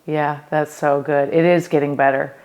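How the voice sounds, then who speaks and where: A woman with a low-pitched voice hosting a casual interview. She encourages her guest warmly with affirmations and asks inquisitive follow-up questions. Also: level tone, moderate pace. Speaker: podcast host.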